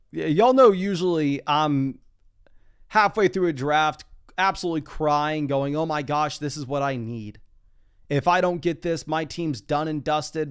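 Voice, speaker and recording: A young man talks through a live stream from his desk in a loose, chatty way, reading viewer comments aloud as he goes. His voice sits a little high and carries a steady gravelly fry. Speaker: fantasy football live streamer. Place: home desk.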